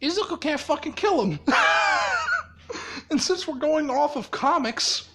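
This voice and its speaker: Laughing, profane storyteller, slow unhurried telling, casual improv. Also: sits high, lively intonation, a bit bright. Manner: laughs often, swears heavily.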